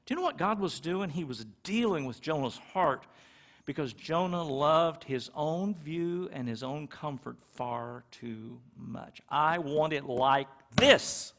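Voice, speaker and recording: Middle-aged guy preaching, kinda high voice, chatty, does little voices for the people in his stories. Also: expressive, unhurried. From California. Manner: conversational, acts out little quoted exchanges. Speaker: pastor. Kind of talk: sermon.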